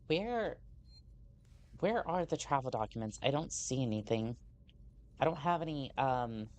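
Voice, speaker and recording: A woman's voice: a bass voice, darkish tone. Woman streamer, casual gameplay commentary, rambling and self-correcting. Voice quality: rambling, self-correcting, reads on-screen text slowly. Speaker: game streamer.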